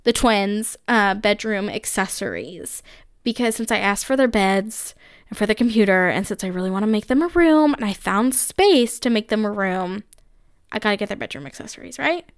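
A young woman hosts her own solo podcast, chatting casually and gushing, her talk packed with "like" and "um." She has a mid-range voice with lively intonation and a moderate pace. The recording is dry, with clean studio sound.

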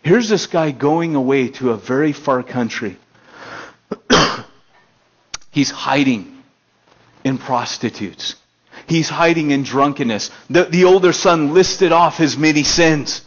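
A fairly high-pitched man preaching a sermon to his congregation in a relaxed, conversational way. His delivery climbs to emphatic peaks, then sinks low and quiet. The recording is dull and lo-fi, as if from a basic room setup. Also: normal speed, few pauses. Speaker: pastor. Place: elementary school meeting hall.

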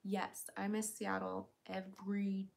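A woman streamer chatting casually on a livestream, reading viewers' comments aloud and answering them with quick giggles. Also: medium pitch, monotone, creaky, darkish tone. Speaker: streamer and voice actor.

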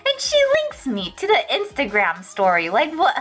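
A young woman streaming, chatting casually in an animated, laughing, incredulous way. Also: fairly high pitch, moderate pace, soft background music.

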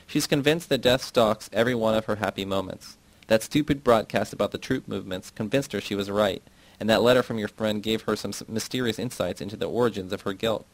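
A man voicing a stern, commanding male friend in a read-aloud novel, speaking in a raised, forceful way. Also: on the low side, fairly quick, no room sound, natural voice, rough recording.

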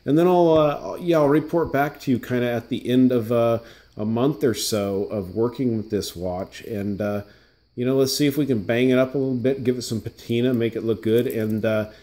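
A man's voice: mid-range voice, normal speed. A man hosting his watch channel, giving a casual, chatty unboxing review with lots of ums and asides. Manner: relaxed and chatty, full of fillers and asides.

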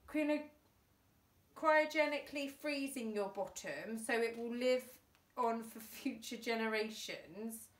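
A woman teacher reading a children's book aloud in an animated way, breaking off for chatty asides. Her voice sits fairly high, and the room is echoey, the mic set a little way off. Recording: roomy room, distant mic.

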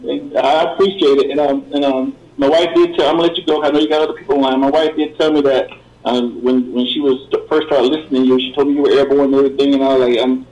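A middle-aged man calling in to a radio show, giving an earnest, halting testimony with many repeated words. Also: medium pitch, flat delivery, darkish tone. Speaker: caller. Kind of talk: call-in testimony. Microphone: phone call. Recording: roomy call-in line.

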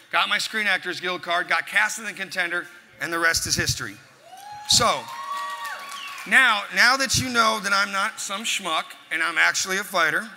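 Forceful high-voiced man in echoey hall. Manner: forceful, punchy storytelling. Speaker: motivational speaker. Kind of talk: motivational speech. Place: large event hall. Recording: echoey hall, faint crowd ambience.

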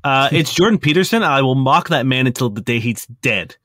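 A man's voice: medium pitch, lively intonation, brisk, a bit bright, no room sound, clean studio sound. A man co-hosting a podcast in casual chat, talking emphatically and laughing easily. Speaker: podcast co-host.

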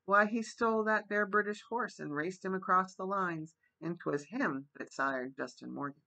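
A man's voice: high-pitched, moderate pace, creaky, sharp tone, pitched above the performer's own voice, heavily acted, rough recording. A man doing a bellowing old war veteran. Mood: gruff. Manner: bellowing, folksy. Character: gruff white-bearded old male war veteran.

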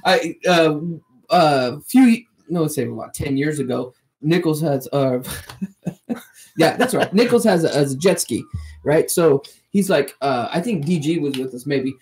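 A man's voice: a little high, animated, a little slow, darkish tone. A man in his forties spinning a long story on a podcast. His talk is loose and rambling, full of swearing and false starts, and he often laughs at himself. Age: 40s. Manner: profane, rambling, laughs through stories. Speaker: podcast co-host. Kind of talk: casual storytelling chat.

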